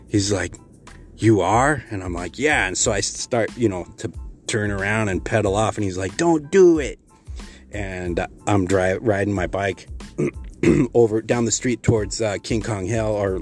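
Low-voiced man, casual profane storyteller, rambling with fillers, faint music bed. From Texas.

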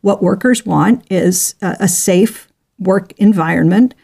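A woman's voice: mid-range voice, measured pace, creaky, warm tone, husky. A woman guest in a conversation, explaining her views in a matter-of-fact way. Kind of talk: casual conversation.

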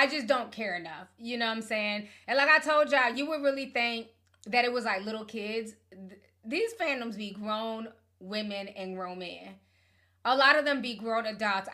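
A woman's voice: fairly high pitch, sharp tone. A woman hosting a casual gossip commentary show, talking bluntly with plenty of profanity and laughter.

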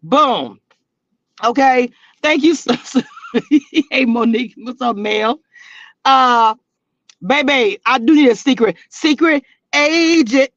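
This reality TV blogger speaks slowly with long pauses in a high, slightly bright voice. Hosting her own live stream, she reads comments and chats casually with viewers, sassy, teasing, slangy and laughing a lot, over a dull, lo-fi, dry recording with no room sound.

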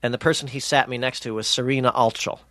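Jokey mid-pitched male podcast host. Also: steady tone, fast, fairly bright tone, no room sound. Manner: rambling, jokey, speaks in bursts. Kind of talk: casual chat, storytelling.

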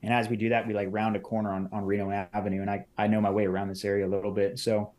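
A man's voice: lowish voice, flat delivery, very fast, a little mellow. A man, a podcast guest, casually retelling events in detail, acting out what people said and filling his speech with "like.". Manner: retells events in detail, acting out quoted lines, many fillers like "like". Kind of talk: casual personal storytelling.

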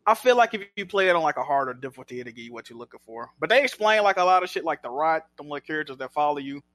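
A man co-hosting a casual gaming podcast, excitable and joking, swearing freely. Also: a little high, rapid-fire, dry recording. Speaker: podcast co-host.

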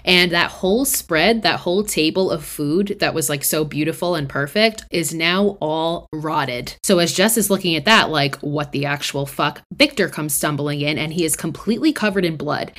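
A woman's voice: low voice, moderate pace, hardly any pauses, a bit bright. A woman hosting a podcast, casually recapping a horror film in a chatty, profane way with lots of fillers. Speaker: podcast host.

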